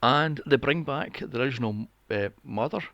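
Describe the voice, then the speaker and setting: A man's voice: mid-range voice, normal speed, a bit bright, dry recording, lo-fi sound. A man hosting a podcast, ranting about films in a casual, exasperated and profane way. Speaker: podcast host. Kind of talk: casual film review rant.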